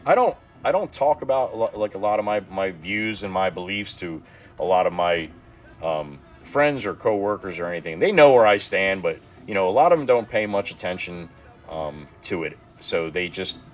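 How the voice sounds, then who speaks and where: A man's voice: sits low, moderate pace, faint music behind. A man from New Jersey on a casual livestream, rambling and swearing as he tells stories. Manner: rambling, profane, animated storytelling. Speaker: livestream guest.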